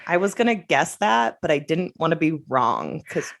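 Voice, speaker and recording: Guest, woman, deep and lively voice, giggly and loose in casual book chat. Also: moderate pace, vocal fry. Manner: giggly, uses "like" a lot. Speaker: guest podcaster.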